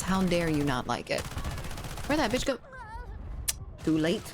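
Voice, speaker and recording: A woman's voice: on the low side, animated, unhurried, pauses often, background noise. A young woman streamer chatting casually and profanely during a gaming livestream, reading chat aloud.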